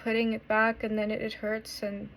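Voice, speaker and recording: A woman in her twenties talking through a painful breakup in a confessional vlog, halting and swearing often, with many restarts. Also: mid-range voice, completely flat delivery, a bit bright, a little hiss or hum. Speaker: vlogger.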